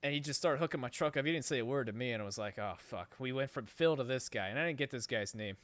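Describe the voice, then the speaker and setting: A podcast host speaks quickly in a mid-range voice, rambling through a long, casual story with swearing at every turn and plenty of asides. His delivery is animated and profane, recorded dry.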